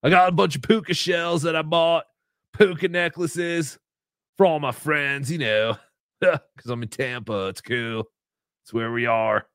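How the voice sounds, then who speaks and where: A man's voice: on the high side, steady tone, a little slow, fairly bright tone, no echo, clean studio sound. A man doing an impression of a dim, laid-back surfer-dude man who drawls with lots of "like" and "uh" fillers.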